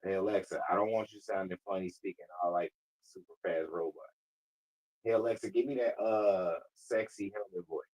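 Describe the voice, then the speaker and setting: A man's voice: sits low, darkish tone, rough recording. A man streaming live while talking to a voice assistant, blunt, slangy and profane, often laughing. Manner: says he talks fast. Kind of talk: casual live-stream chat.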